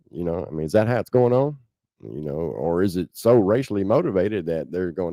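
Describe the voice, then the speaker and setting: Deep-voiced impassioned Southern man. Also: lively intonation, brisk, mellow, no room sound, studio quality. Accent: Southern American. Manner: impassioned, blunt, keeps saying "man". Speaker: podcast host. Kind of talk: casual livestream commentary.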